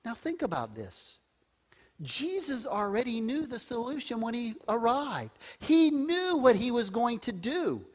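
Woman, sermon, lively pitch, animated storytelling, hushed solemn passages. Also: a little slow, breathy edge. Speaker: preacher.

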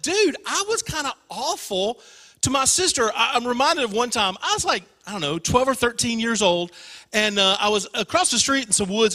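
A young man, a youth pastor, preaching a sermon in a church, telling a story in an animated, self-deprecating way. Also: very high-pitched, big-room sound. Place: church sanctuary.

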